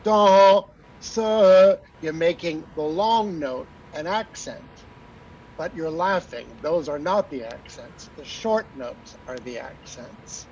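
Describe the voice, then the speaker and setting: A man on a master class panel coaches an opera singer after her aria, speaking slowly in a fairly high, animated voice full of fillers. He sings short phrases to demonstrate his points, and the dull lo-fi recording carries slight hiss or hum.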